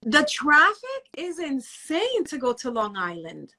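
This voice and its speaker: A woman guest in a casual chat, speaking relaxed with halting restarts. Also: high voice. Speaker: guest, microblading educator.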